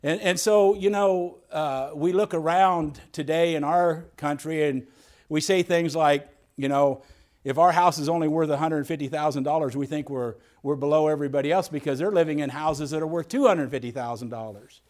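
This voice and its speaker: Male pastor, sermon delivery, slightly raised voice, earnest, halting restarts. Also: fairly high pitch, darkish tone. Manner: earnest, repeats words and restarts often.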